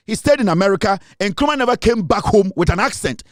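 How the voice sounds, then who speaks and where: Ghanaian male commentator, high-pitched, heated and scornful, close dry mic. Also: expressive, brisk, no room sound. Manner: heated, scornful, repetitive, switching into Twi. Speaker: political commentator. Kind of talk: impassioned political monologue.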